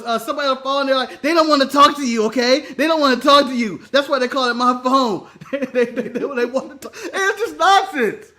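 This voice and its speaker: A male podcast co-host telling a story in casual chat, animated, laughing often and swearing freely. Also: extremely high pitch.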